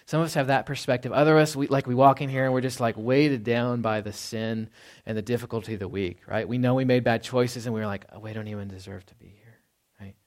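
A man's voice: medium pitch, steady tone, quick pace. A man giving a casual, conversational sermon as a pastor. He chuckles often and ends many points with "right?". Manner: drops to a hushed voice when quoting.

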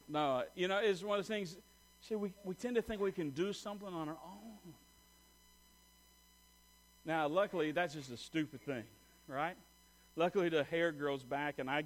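A middle-aged man preaching a sermon, telling a funny personal story in an animated way and joking with the congregation. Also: high voice. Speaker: pastor.

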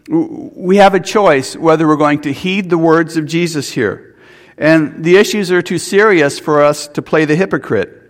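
A man's voice: fairly high pitch, normal speed. Earnest male preacher in a reverberant hall. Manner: earnest preaching with restarts and rhetorical questions. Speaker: pastor. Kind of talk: sermon.

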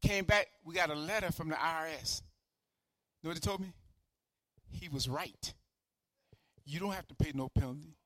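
Fervent high-voiced preacher man. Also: moderate pace, pauses often, dry recording. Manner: fervent preaching, swings from shouting to quiet asides; repeats phrases for emphasis. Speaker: pastor. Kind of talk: sermon.

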